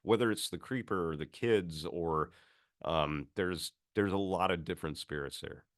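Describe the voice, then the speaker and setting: A man talking as a podcast guest, an animated storyteller who acts out the quotes in his stories. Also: low voice, normal speed, no echo, clean studio sound. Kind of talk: casual chat.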